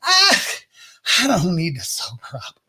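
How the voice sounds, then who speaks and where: A man's voice: high-pitched, huge pitch swings, unhurried, sharp tone, slightly rough, exaggerated voice. A man voicing a tipsy, belligerent middle-aged mother who slurs and guilt-trips. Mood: drunk, accusing. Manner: slurring, needy, guilt-tripping.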